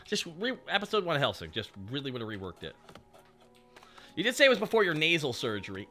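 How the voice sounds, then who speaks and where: A man's voice: fairly high pitch, sing-song, brisk, sharp tone, soft background music. A man chatting casually and joking with profanity while he streams a game. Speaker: VTuber streamer.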